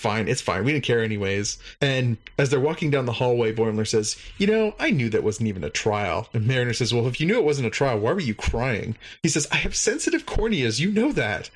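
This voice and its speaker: A man hosting a podcast, casually recapping an episode and acting out the lines he quotes. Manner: animated, acts out quoted lines in higher voices. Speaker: podcast host.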